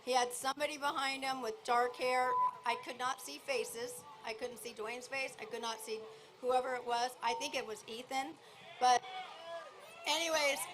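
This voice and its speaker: A middle-aged woman giving a rambling, emotional memorial speech, at times raising her voice. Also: high voice. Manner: emotional, rambling, sometimes shouting. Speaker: memorial speaker. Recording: noisy live event.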